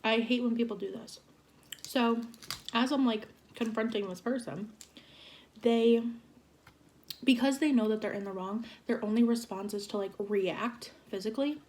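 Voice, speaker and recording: A young woman in her twenties telling a storytime vlog in an animated, exasperated way. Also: on the high side, moderate pace, slight background noise. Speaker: vlogger. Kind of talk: storytime vlog while eating.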